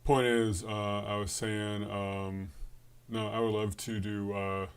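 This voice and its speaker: A man's voice: on the low side, little pitch movement, slow, smooth. A man hosting a casual live coding stream, thinking aloud with fillers and restarts. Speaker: livestream host.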